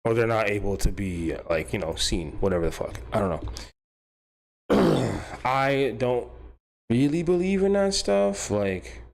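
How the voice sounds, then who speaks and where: A man's voice: fairly low pitch, animated, measured pace. A man hosting a stream, rambling through a casual comedic rant, swearing freely and laughing at his own jokes. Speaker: stream host.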